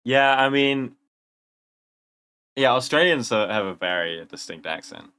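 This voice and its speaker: A man's voice: mid-range voice, expressive, unhurried, pushed and bright, clean tone. A young man hosting a casual livestream, rambling through chat questions in gamer slang. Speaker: livestream host.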